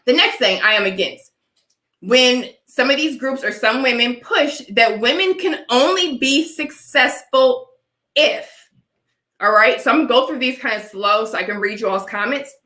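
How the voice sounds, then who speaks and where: A woman's voice: a little high, normal speed, bright, forceful tone. Emphatic woman vlogger in an echoey room. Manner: emphatic, preachy, keeps asking "all right?". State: dry cough from allergies. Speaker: vlogger talking to live chat. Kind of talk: casual opinion livestream.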